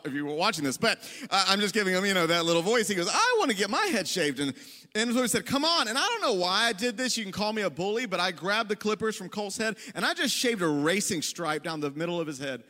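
Male preacher, high bright voice, jokey and self-deprecating, big echoing hall. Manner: self-deprecating, joking, conversational. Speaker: pastor. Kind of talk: storytelling sermon. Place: church hall. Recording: long reverb of a large hall.

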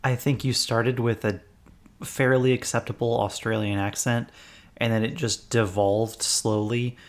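Slow, wry male co-host in casual chat. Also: medium pitch, flat delivery. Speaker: podcast co-host.

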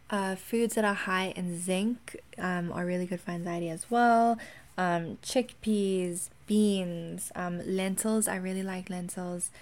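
Chatty South African woman. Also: lowish voice. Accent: mixed South African. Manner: chatty, rambling, many ums. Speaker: wellness content creator. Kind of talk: casual vlog talk.

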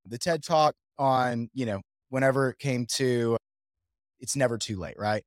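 A man's voice: mid-range voice, a little slow, no echo, studio quality. A man hosting a podcast, talking casually with a rambling, filler-heavy manner. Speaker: podcast host. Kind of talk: casual chat.

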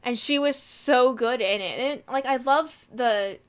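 A young woman chatting casually as a co-host, animated and full of fillers. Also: high voice, unhurried, smooth. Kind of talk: casual chat.

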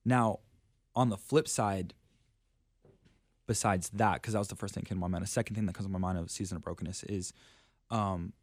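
A man's voice: low voice, steady tone, a little fast, long pauses, no echo, clean studio sound. A young man, a traveling preacher, telling his story earnestly and casually on a faith podcast, full of "like" and "literally".

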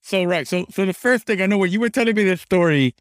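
A man's voice: high voice, fast, dry recording, studio quality. A man co-hosting a podcast, chatting casually, tagging on "right?" and swearing now and then. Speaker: podcast co-host.

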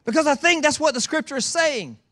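A man's voice: very high-pitched, brisk, no echo, clean studio sound. A man preaching a sermon in a church, telling stories with playful teasing. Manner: animated storytelling with playful teasing. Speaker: pastor.

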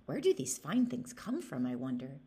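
A woman's voice: rumbling low, wildly swooping pitch, moderate pace, dark tone, voice pushed down, heavily acted. Storybook boy hero, honest and curious, voiced by a woman. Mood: earnest. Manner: simple, wondering and earnest. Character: plain-spoken young lad in a goatskin.

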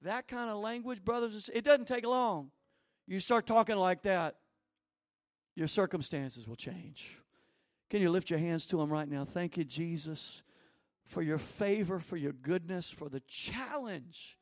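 A man's voice: high-pitched, measured pace, no room sound, studio quality. A man preaching a sermon, moving from teaching into fervent, rising prayer.

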